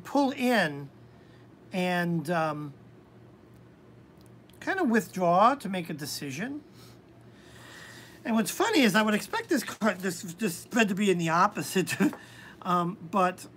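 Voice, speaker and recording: A woman hosting a live-stream tarot reading, talking hesitantly with many pauses and ums. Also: medium pitch, a bit bright, a little hiss or hum.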